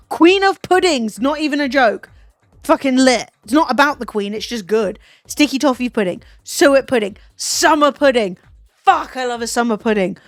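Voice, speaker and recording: A woman's voice: a little high, no room sound, clean studio sound. Swearing, jokey English woman streamer. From England. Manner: swears freely, animated and jokey. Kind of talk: casual chat.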